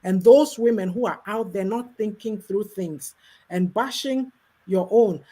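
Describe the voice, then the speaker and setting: A woman's voice: medium pitch, a little slow, mellow, slightly rough. A woman from Ghana speaking in casual conversation, outspoken and impassioned. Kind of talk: casual chat.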